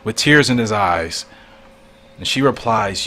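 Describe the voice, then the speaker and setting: Excitable man, bright voice, animated pitch, reading a fan comic, faint music behind. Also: measured pace. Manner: excitable, laughs often. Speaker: channel host.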